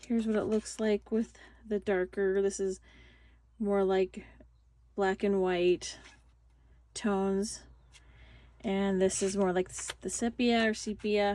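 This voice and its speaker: A woman's voice: medium pitch, dark tone. A woman hosting a casual craft tutorial, chatty and rambling, full of fillers and restarts, recorded on a phone.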